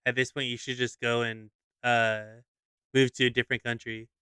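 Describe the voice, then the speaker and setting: Bright, animated young man chatting. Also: mid-range voice, moderate pace, smooth, no room sound. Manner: animated storyteller, acts out skits with voices. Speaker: podcast co-host. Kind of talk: casual chat.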